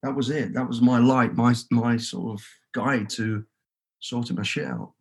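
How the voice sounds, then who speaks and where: A man's voice: medium pitch, a little slow, creaky, a little mellow, breathy edge. A middle-aged man with a Birmingham accent, a guest in a podcast interview, telling his story bluntly and swearing freely. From England. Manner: blunt and swearing freely, telling stories with quoted inner thoughts.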